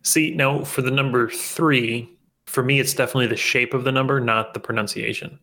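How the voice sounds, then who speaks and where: A man's voice: medium pitch, steady tone, fairly quick, bright, forceful tone. A man co-hosting a podcast in casual, playful chat, musing aloud and trailing off into fillers. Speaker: podcast co-host.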